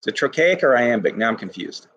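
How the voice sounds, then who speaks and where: A male teacher giving an enthusiastic poetry lesson to his class, reading lines slowly and stressing each syllable. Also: mid-range voice, sing-song, fairly bright tone, muffled recording.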